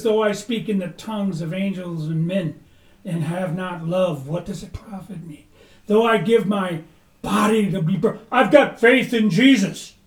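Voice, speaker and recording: A man preaching a sermon with passion, rising to loud urgency and dropping to a hush. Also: high voice. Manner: impassioned, swings from loud to hushed. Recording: echoey room, mic at a distance.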